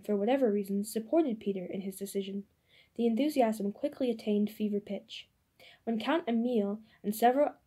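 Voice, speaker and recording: Woman audiobook narrator, measured delivery, mellow dark tone. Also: medium pitch. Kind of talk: audiobook reading.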